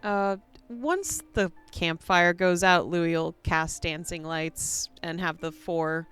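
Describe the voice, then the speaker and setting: A young woman in a tabletop game session, speaking softly in character and narrating her character's actions. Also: on the low side, smooth, soft background music. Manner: slow, soft, storytelling. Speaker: player. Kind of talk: in-character tabletop play and storytelling.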